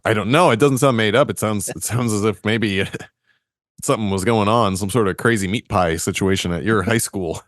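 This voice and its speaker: A man, speaking a little low in a dry, close-miked sound. He retells a fairy tale casually, chuckling between jokes. His delivery is loose and playful. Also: moderate pace, no room sound. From Boston area. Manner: laughs often, loose and joking. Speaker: podcast co-host. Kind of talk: casual chat and story retelling.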